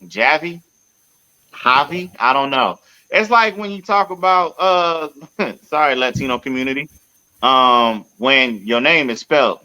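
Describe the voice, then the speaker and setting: A man co-hosting a podcast in casual chat, ranting loosely in slang and spelling words out slowly. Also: medium pitch, sharp tone, poor audio. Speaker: podcast co-host.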